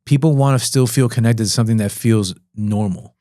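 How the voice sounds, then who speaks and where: A man of middle pitch hosting a podcast in easy, chatty conversation. He talks with lively energy and often jumps into goofy, higher voices when he quotes himself. The sound is close and dry, with no room around it. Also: brisk, no room sound. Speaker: podcast host and fence sales director. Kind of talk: casual conversational interview.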